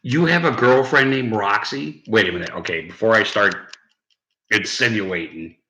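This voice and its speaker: A man's voice: on the low side, normal speed, bright, forceful tone. A man hosting a casual late-night live stream who chats with viewers in the comments, rambling, swearing and laughing at his own lines. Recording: echoey room, faint background noise.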